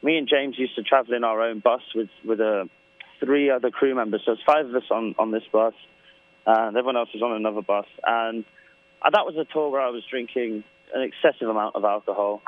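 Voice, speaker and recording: A man's voice: mid-range voice, a little fast, no room sound, narrow, tinny audio. A man with an English accent, a musician chatting loosely in an interview, joking and telling rambling stories. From England. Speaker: guest musician. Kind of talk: casual interview chat.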